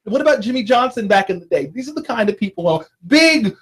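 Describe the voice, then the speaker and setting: A man's voice: high voice, animated, quick pace, fairly bright tone, slightly rough. A man co-hosting a sports talk radio show, ranting playfully and laughing often. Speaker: radio co-host.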